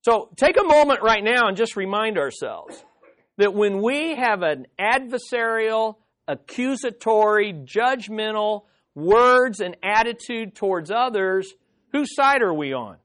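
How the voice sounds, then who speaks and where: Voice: mid-range voice, animated, a little slow, fairly bright tone. Emphatic Bible teacher quizzing a live group. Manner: emphatic, questions the listeners directly.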